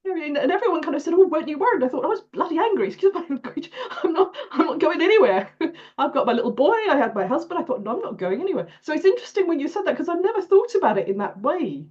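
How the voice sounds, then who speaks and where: High-voiced older woman, chatty. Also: big pitch swings, fast talker, few pauses, darkish tone, highs cut off. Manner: chatty, repeats herself, laughs often. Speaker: participant. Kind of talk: casual storytelling. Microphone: video call.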